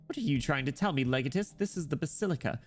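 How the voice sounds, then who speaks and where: A man's voice: fairly high pitch, animated, quick pace, soft background music, close to an everyday voice. A man voicing a proud, scornful noblewoman duchess who sneers at a foreign envoy. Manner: sneering, imperious.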